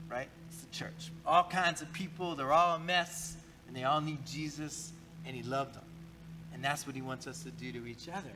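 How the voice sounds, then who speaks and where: A man's voice: on the high side, pushed and bright, a little hiss or hum, rough recording. A male pastor preaching a conversational sermon in church, talking casually, often repeating words and asking the congregation questions.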